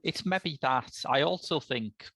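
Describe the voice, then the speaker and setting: Gravelly podcast host. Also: male voice, medium pitch, measured pace, a bit bright, no room sound. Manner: dry, jokey. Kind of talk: casual film podcast chat.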